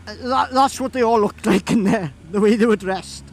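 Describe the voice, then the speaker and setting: A man's voice: high voice, moderate pace, gravelly, slight background noise. A young Welsh man with a Welsh accent, chatty and laughing as he tells a story casually, outdoors by a road. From Wales. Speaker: vlogger. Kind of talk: casual anecdote.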